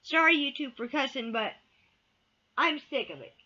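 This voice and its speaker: A woman's voice: high voice, animated, normal speed, bright, forceful tone, muffled recording. A woman giving a heated opinion rant to camera. She repeats key words for emphasis and sometimes swears. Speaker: vlogger.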